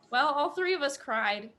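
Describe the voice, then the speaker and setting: A woman in a casual group chat, giggly and emotional as she talks. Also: sits high. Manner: giggly, emotional, warm-hearted.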